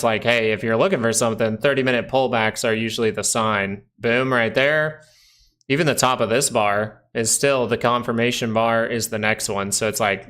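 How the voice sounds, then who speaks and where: A man's voice: mid-range voice, a bit bright, clear, resonant tone. Man chatting through stock charts. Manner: chatty, rambling, greets viewers by name. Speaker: stock market livestream host. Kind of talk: casual live chart analysis with chat.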